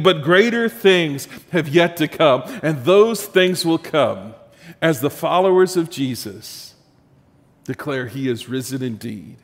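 Male pastor, sermon, storytelling, fairly high voice, long hall reverb. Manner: storytelling preacher, building emphasis then dropping soft.

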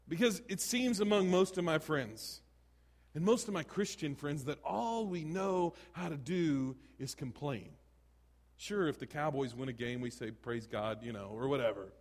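A man preaching a sermon as a pastor, conversational and animated, full of rhetorical questions and asides. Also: fairly high pitch, moderate pace, long reverb tail.

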